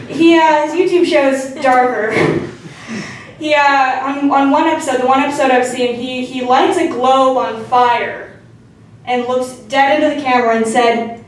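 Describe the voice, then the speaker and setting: Young woman comic, high voice, deadpan crude delivery, heard from far off in a very echoey hall. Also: moderate pace, a little hiss or hum. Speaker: stand-up comedian. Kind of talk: stand-up set. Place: theatre stage. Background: audience laughter.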